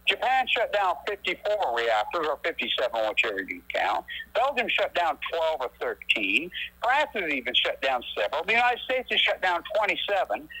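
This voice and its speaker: Animated man ranting about activism. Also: a little high, moderate pace, few pauses, slightly rough, low-quality recording. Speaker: anti-nuclear activist guest. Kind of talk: casual phone talk.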